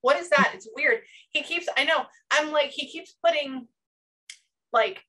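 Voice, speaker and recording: Bright-voiced, chatty woman medium. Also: sits high, measured pace. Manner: excitable, chatty, thinks aloud. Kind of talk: live reading session with clients.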